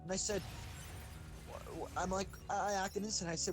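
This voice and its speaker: A man's voice: high-pitched, fairly quick, rough recording. A young man casually telling profane, rambling stories while playing a game, acting out the people in them. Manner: rambling, profane, animated, does silly voices in stories. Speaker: gaming streamer. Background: game music.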